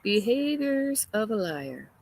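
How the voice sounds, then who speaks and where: A woman's voice: medium pitch, very animated, takes it slowly, darkish tone, a little hiss or hum, poor audio. A woman hosting a casual livestream, talking through viewer comments in an opinionated, chatty way and laughing often. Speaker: livestream host. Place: outdoors in a garden.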